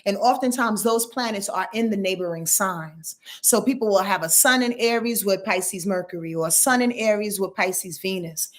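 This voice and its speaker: A woman astrologer hosting a casual live stream, talking in an animated, emphatic way, often repeating words as she searches for them, and swearing in passing. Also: mid-range voice, normal speed, hardly any pauses. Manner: frank and salty, swears in passing.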